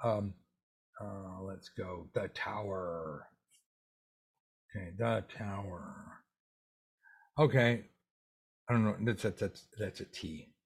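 Husky-voiced guy running a live tarot class, talks animated and loose, cusses a bit. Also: lowish voice, takes it slowly, long pauses. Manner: animated, swearing, jokey asides. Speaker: tarot teacher. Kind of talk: live workshop Q&A.

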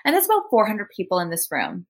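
Woman co-host, mid-pitch voice, lively chatty storyteller. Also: fast. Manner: animated storyteller, heavy use of "like" and "literally". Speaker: podcast co-host. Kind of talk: casual storytelling chat.

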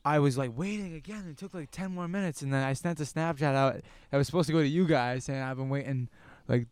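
A young man telling a rambling story in a casual outdoor podcast chat, getting animated and cursing as he goes. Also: fairly high pitch, fast, no room sound. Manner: rambling, animated, swears when worked up. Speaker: podcast guest.

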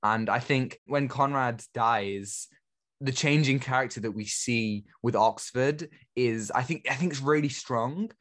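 A man co-hosting a film podcast, giving his opinions in relaxed, thoughtful chat. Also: mid-range voice, measured pace. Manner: opinionated, thoughtful, lots of "I feel like". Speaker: podcast co-host. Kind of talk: casual film review chat.

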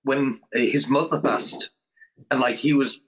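A man's voice: mid-range voice, fairly even intonation, unhurried, slightly rough. A man hosting a podcast, chatting in a laid-back, slangy way. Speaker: podcast host. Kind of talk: casual chat.

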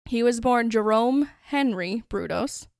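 A woman's voice: a little high, a little slow, vocal fry, no room sound, studio quality. A woman hosting a true-crime podcast, telling the story in a chatty, conversational way. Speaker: podcast host.

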